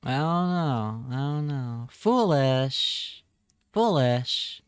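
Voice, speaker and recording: Slow, playful streamer guy, clear voice. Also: medium pitch, lively intonation, no room sound, studio quality. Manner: playful, jokey, reads chat aloud. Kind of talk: casual live-stream chat.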